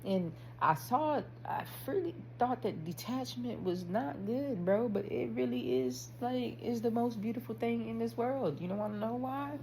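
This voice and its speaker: A woman's voice: fairly high pitch, animated, normal speed, few pauses, dark tone, slight background noise, rough recording. Slangy woman musing, laughing at herself. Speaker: vlogger. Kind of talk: casual spiritual monologue.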